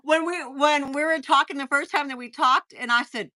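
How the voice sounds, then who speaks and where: A woman with a Texan accent hosts a casual live stream, her voice bright and forward. She sits a little above the usual pitch and chats in quick, stumbling bursts, reading out viewer comments between stories. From Texas. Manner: chatty, stumbling restarts, reads viewer comments aloud. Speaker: host.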